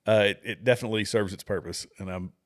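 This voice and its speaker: A man's voice: on the low side, steady tone, fast. A middle-aged man hosting a livestream, chatting casually with viewers, rambling and chuckling at clips. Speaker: livestream host.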